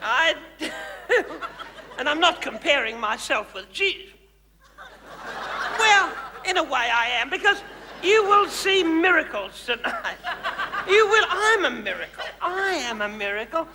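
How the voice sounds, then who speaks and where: A man's voice: extremely high pitch, very animated, measured pace, long pauses, full character voice. A man with an Australian accent playing a vain, glamorous female megastar who was once a housewife, teasing a theatre audience in a live comedy monologue. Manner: camp, teasing, gushing, calls audience darlings. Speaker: stage comedian. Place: large theatre stage before an audience. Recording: reverberant theatre hall, audience noise, VHS broadcast.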